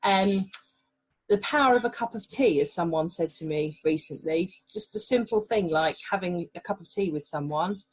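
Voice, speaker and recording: A woman's voice: fairly low pitch, moderate pace, slightly rough, low-quality recording. A woman from England, a family mediator, explaining her work in a podcast interview in a reassuring way.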